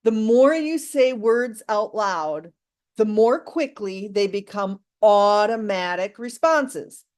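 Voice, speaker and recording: Slow-paced woman English teacher. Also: medium pitch, darkish tone. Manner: slow, deliberate, encouraging delivery. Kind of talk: online English lesson. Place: live online class.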